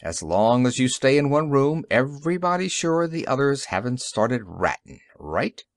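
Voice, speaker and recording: A man voicing a bitter, gruff police detective in an audiobook story, growling and sarcastic. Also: medium pitch, very animated, normal speed, no room sound, clean studio sound.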